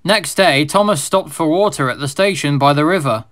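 A man reading a children's storybook aloud as narrator, in a steady, expressive manner. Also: fairly high pitch, normal speed.

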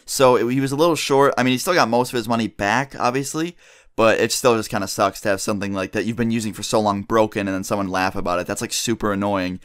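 Young dude vlogging, rambly storytime, swears a lot, says like every other word. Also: male voice, on the low side, fast, clean tone. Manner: rambling and profane, heavy use of "like". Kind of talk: casual storytelling to camera.

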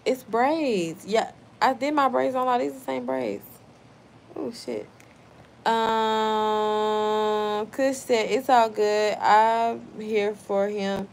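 A woman's voice: on the high side, steady tone, creaky, a little hiss or hum. Tipsy young woman ranting at a livestream chat. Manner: brash, profane, quick to snap at chatters. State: tipsy from wine. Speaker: livestream host reading chat.

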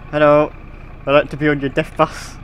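A gaming video creator with a slightly high voice jokes through his gameplay, giggling a lot and mocking a game character with a silly voice. There's a bit of hiss or hum on the track.

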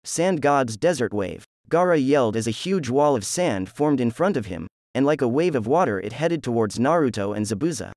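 A man narrating a fan fiction story in a plain, even reading voice. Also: mid-range voice, a little fast, few pauses, no room sound, clean studio sound.

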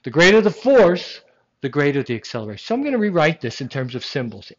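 A science lecturer giving a classroom lecture, animated and emphatic, with rhetorical questions and jokes. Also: mid-range voice, quick pace, lo-fi sound.

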